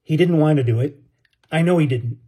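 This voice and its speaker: A man's voice: a little high, fairly quick, mellow, slightly rough. A man narrating an audiobook story in an earnest, dramatic way.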